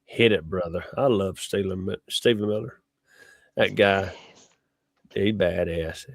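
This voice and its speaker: Gravelly, joking man. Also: low-pitched, unhurried, no echo, clean studio sound. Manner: joking, teasing, lively. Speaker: host. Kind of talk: casual political chat.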